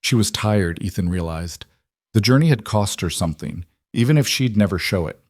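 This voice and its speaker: Male audiobook narrator for a frontier tale, low, measured, dry close mic. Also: no room sound. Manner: steady, measured storytelling.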